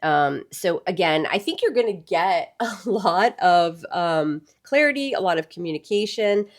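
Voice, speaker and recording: A woman's voice: fairly low pitch, expressive, a little slow. A woman reading tarot cards for her viewers in a casual, chatty way. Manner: chatty, addresses viewers as "y'all". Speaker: tarot reader.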